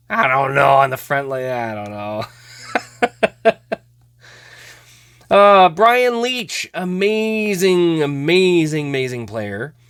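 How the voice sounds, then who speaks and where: A man hosting a hockey card show, casually rambling as he opens cards, hedging with many trailing remarks and breaking into excited laughs. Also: medium pitch, dry recording. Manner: hesitant, rambling, many trailing 'I don't know's; laughs easily, bursts into excited outbursts. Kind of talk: casual card-opening commentary.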